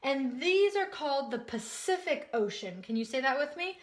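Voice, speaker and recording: A woman teaching a social studies lesson to young children, leading call-and-response repetition in a slow, sing-song way. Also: sits high, lively intonation, echoey room.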